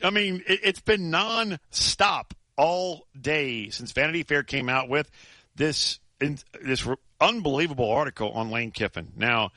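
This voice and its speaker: A man hosting sports radio, telling a story in animated chat full of restarts and laughs. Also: fairly high pitch, a little slow, no echo.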